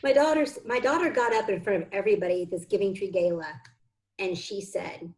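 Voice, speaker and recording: A woman guest in a conversational interview tells her story as an adoptive mother. She sounds heartfelt and earnest, close to tears, with a voice of middling pitch. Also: fairly quick, darkish tone, low-quality recording.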